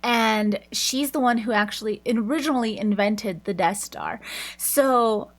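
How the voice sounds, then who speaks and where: A woman's voice: a little high, a little slow. A woman doing a casual book review, retelling the plot in a chatty way with lots of fillers and self-corrections.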